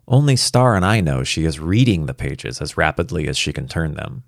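Deep, expressive male audiobook narrator. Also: moderate pace, gravelly, dry recording, studio quality. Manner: earnest, reflective, quietly anxious. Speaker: narrator as a worried father. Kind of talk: audiobook reading of a first-person story.

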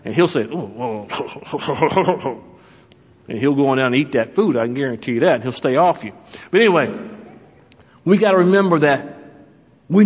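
A man's voice: on the high side, husky. A middle-aged man, a pastor, preaching a sermon to his church and telling a humorous story from home. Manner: storytelling with humor, talks to the congregation. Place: church sanctuary. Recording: echoey hall, dull lo-fi sound.

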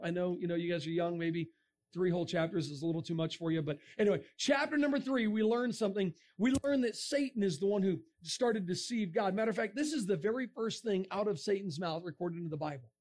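A man giving an energetic sermon to young people, dramatic and storytelling, bursting into shouts and sound effects. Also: high-pitched. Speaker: speaker addressing young people. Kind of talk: animated sermon talk.

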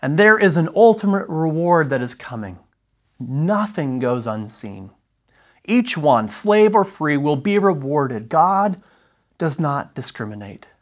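A man giving an expository Bible lesson in a measured, emphatic way, pausing between phrases and reading verses aloud. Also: fairly high pitch. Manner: reads scripture verses aloud. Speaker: Bible teacher.

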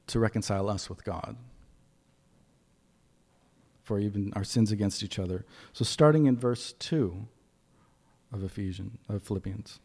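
A man's voice: on the low side, warm tone, in a large hall. A man giving a conversational sermon with folksy asides as preacher.

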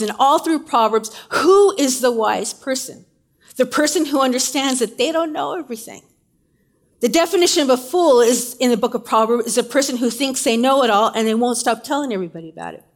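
New woman preacher, chatty sermon delivery, somewhat high pitch. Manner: conversational, uses casual asides and fillers.

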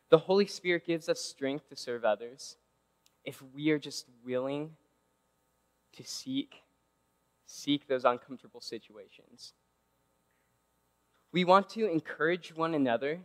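A man giving a casual, conversational sermon who keeps checking in with his listeners by asking "right?". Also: medium pitch. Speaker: preacher. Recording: long reverb of a large hall.

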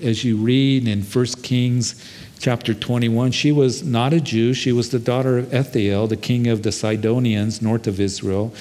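A male pastor preaching a sermon, retelling scripture in an earnest storytelling way, speeding up and slowing down, with frequent fillers. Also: medium pitch, a little mellow, long reverb tail.

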